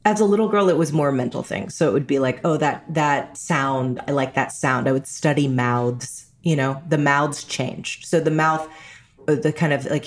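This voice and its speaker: Low-voiced American woman, animated. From New York. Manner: animated storyteller, slips into voices. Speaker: actor and guest. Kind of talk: casual interview chat.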